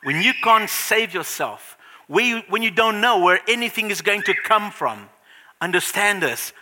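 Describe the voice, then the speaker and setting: Animated high-voiced male preacher. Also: normal speed, noisy background. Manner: animated storytelling, repeated restarts, swings to hushed. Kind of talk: sermon. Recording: reverberant hall.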